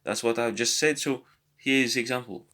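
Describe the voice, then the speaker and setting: A man's voice: medium pitch, normal speed, bright, forceful tone. Hesitant man teaching a language lesson. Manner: hesitant, many fillers and restarts. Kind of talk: casual spoken lesson.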